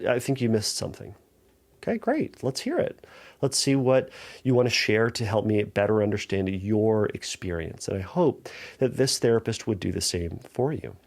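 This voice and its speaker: A man's voice: fairly low pitch, gravelly, a little mellow. A middle-aged man, a therapist hosting a podcast, giving earnest, reassuring advice and thinking aloud with small restarts. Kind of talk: solo podcast advice talk.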